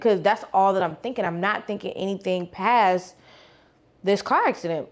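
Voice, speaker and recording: A young woman tells her faith story as a vlogger and life coach. Her voice sits in a middle pitch, and her delivery is casual and lively. She acts out every bit of the dialogue and slips into relaxed slang. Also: moderate pace. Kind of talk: personal testimony storytelling.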